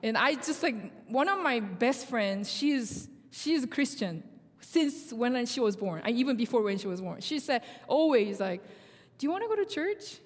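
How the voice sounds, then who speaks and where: A young woman with a Korean accent, a native Korean speaker, giving a sermon testimony in animated storytelling that acts out dialogue, with halting phrasing. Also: fairly high pitch. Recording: long hall reverb.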